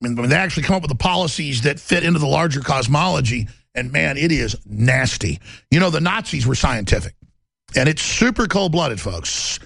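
Man, talk show host, heated rant, gravelly voice, slightly high pitch. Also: expressive, fairly quick, fairly bright tone, no room sound. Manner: intense, heated, rambling. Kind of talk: ranting talk show monologue.

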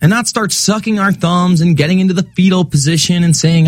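A man hosting a talk radio show, delivering an animated, sarcastic monologue. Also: high voice, fairly quick, few pauses, dry recording, studio quality. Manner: animated, sarcastic, mocking quoted voices.

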